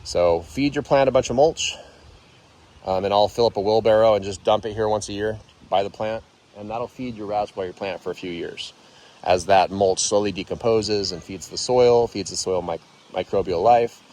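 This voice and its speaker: Rambling low-voiced man in his garden. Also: moderate pace, darkish tone. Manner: rambling, conversational, self-correcting. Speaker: gardening channel host. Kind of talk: casual outdoor gardening tutorial. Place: outdoors in a garden.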